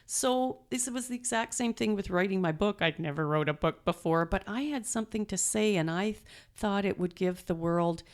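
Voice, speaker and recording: A middle-aged woman telling animated stories as an interview guest, laughing often and acting out quotes. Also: medium pitch, normal speed, few pauses. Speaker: guest, mother and performer. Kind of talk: storytelling interview.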